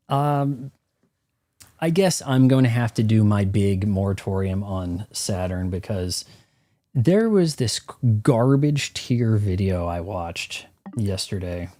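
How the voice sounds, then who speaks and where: A streamer rants through his gameplay commentary, profane and opinionated. His voice is mellow and dark, and it sounds dry and close. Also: lowish voice, lively intonation, unhurried, no echo. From United States.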